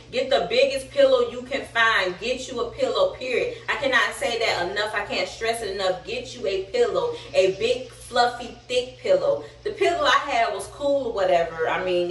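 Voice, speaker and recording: A young woman vlogging in a candid, slangy, chatty way, a little out of breath. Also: mid-range voice. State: slightly out of breath. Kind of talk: casual vlog storytelling. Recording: echoey room, distant mic.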